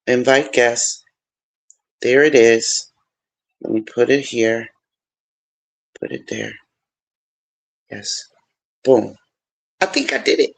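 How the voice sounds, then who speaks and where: A woman's voice: extremely low pitch, takes it slowly, gravelly, long pauses. A woman hosting a casual livestream, chatty and emotional, talking to viewers directly. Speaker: livestream host.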